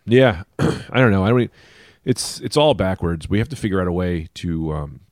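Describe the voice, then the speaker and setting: Lively, profane male podcast host. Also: deep voice, normal speed, no echo, clean studio sound. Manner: animated, profane, jumps into loud mock voices. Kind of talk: casual comedian chat.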